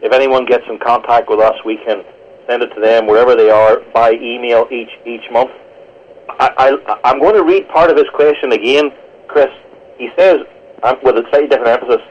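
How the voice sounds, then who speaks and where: A man, a pastor, answering on a radio show with earnest, halting restarts while quoting scripture. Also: mid-range voice, dull audio. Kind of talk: radio interview, theological answer.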